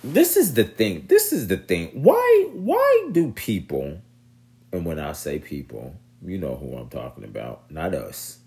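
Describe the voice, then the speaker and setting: A man talking straight to his audience in casual commentary, animated, laughing and repeating himself. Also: a bass voice, moderate pace, vocal fry, few pauses. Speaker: vlogger.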